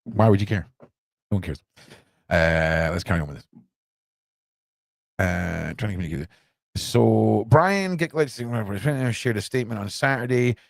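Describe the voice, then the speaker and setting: A man's voice: lowish voice, expressive, measured pace, creaky, long pauses, dry recording. A British man hosting a podcast from a small room at home, rambling through news commentary with lots of rhetorical questions. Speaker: podcast host.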